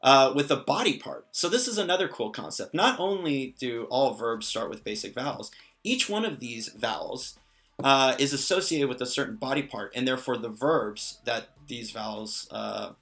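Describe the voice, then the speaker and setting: A man's voice: mid-range voice, expressive, moderate pace, fairly bright tone. A man explaining pronunciation in a casual lesson, patient and lightly joking. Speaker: language teacher.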